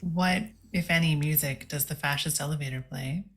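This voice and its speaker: Female player, low-pitched, teasing with frequent giggles. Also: moderate pace, husky. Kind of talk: casual tabletop play.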